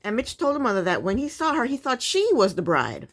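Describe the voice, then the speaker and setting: Female recap vlogger, chatty and opinionated, lively, expressive delivery. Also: fairly high pitch, brisk, husky. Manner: blunt, sassy, chatty with frequent asides.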